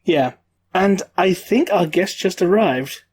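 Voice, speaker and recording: A man with a notably high voice, co-hosting a podcast in easygoing chat. He explains lore patiently and knowledgeably. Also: lively intonation, slow, darkish tone, breathy edge. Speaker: podcast co-host. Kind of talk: casual chat.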